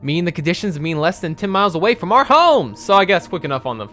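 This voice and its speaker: A young man doing casual let's-play commentary, animated and rambling, swearing often as he talks. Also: sits high, fast. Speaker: gaming video creator.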